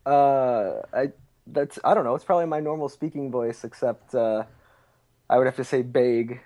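A man from Chicago co-hosts a casual podcast chat at a middle pitch. He keeps his answers short, dry and understated. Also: moderate pace, warm tone. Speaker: podcast co-host.

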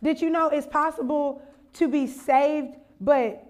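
A young woman with a bright, high voice gives a sermon. She chats loosely and jokes with her listeners, then builds to a passionate, urgent appeal. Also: fairly even intonation, takes it slowly. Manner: conversational, humorous, building to impassioned exhortation. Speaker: conference speaker.

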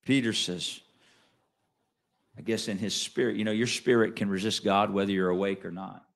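A man preaching a sermon as pastor, swinging between quiet asides and loud emphatic lines and asking the congregation questions. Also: lowish voice, fairly even intonation, moderate pace, creaky. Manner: conversational, asks the congregation questions.

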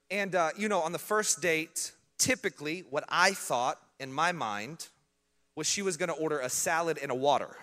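Brief: high, bright young male pastor, comic storytelling sermon in a reverberant church hall. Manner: humorous, animated, laughs at his own stories.

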